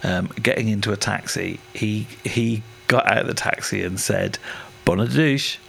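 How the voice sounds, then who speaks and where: Gravelly English man chatting on radio. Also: lowish voice, fairly even intonation, moderate pace, sharp tone, a little hiss or hum. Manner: rambling anecdotes with many fillers and restarts. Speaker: radio presenter. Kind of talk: casual radio chat.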